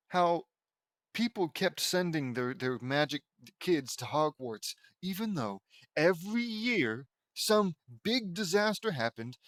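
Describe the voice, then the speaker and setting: A man's voice: high-pitched, fairly bright tone, dry recording. A young man reading fan fiction aloud as an audiobook, breaking off often into rambling, casual asides.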